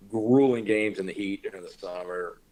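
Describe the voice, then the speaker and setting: A man's voice: lowish voice, moderate pace, a little mellow, low-quality recording. A man hosting a casual podcast chat, giving laid-back, coach-like advice full of slang. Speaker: podcast host.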